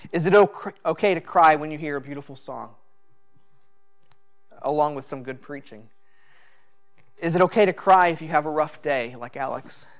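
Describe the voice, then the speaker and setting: A man giving a personal sermon as pastor, talking in a halting, reflective way with many fillers. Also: on the high side, soft background music.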